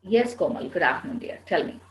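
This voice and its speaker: Speaking fairly fast, with big swings in her low-pitched voice, a soft skills trainer handles students' questions in a lecture. She has an Indian English accent and a firm, instructive manner. The recording carries a roomy echo and faint background noise.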